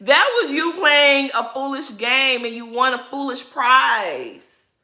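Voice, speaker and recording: A young woman recaps a reality show in a sassy, gossipy tone and laughs often. Her voice is bright and a bit high, and it swoops up and down freely. She is heard in a roomy, echoey space. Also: expressive, slow. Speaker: vlogger. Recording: roomy echo.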